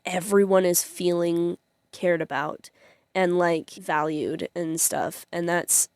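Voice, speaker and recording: A woman's voice: on the low side, fairly even intonation, takes it slowly, a little mellow, dry recording, clean studio sound. A young woman chatting casually on her vlog, rambling with fillers and frequent giggles. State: tearful at times. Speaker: vlogger.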